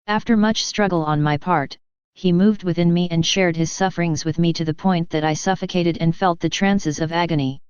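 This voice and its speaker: A woman giving an earnest, measured first-person devotional reading. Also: on the low side, darkish tone, clean tone, no echo. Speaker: reader. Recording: dull lo-fi dry recording.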